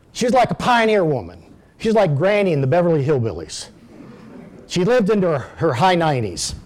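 An older man tells folksy personal stories during a sermon, speaking straight to his congregation. His voice sits high with a darkish tone.

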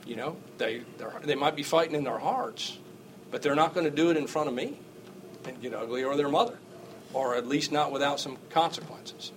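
A man's voice: fairly high pitch, normal speed, poor audio. Middle-aged man, folksy class teacher, rambling with lots of fillers, wry and emphatic, faint noise behind. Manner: chuckles often and turns wry and emphatic. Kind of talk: informal teaching talk to a class.

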